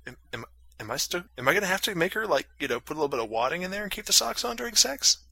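Rambling man telling a story, bright tone. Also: high-pitched, sing-song, very fast, creaky, breathy edge, dry recording. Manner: rambling, lots of fillers, crude jokes. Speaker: podcast co-host. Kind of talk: casual storytelling chat.

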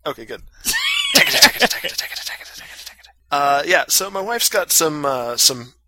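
A man's voice: fairly high pitch, expressive, moderate pace, heavy background noise. A man casually telling a long story on a podcast, full of fillers and crude jokes. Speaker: podcast co-host.

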